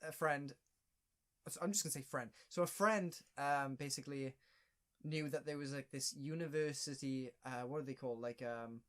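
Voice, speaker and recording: A man's voice: mid-range voice, normal speed, smooth. A young man telling a story on a casual podcast. His speech is loose and hesitant, and he stops and repeats himself often. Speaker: podcast co-host.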